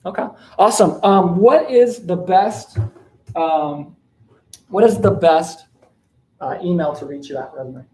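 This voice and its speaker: A man making a friendly cold call, with halting speech full of fillers and restarts. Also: high-pitched, darkish tone. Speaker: caller. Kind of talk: phone sales call.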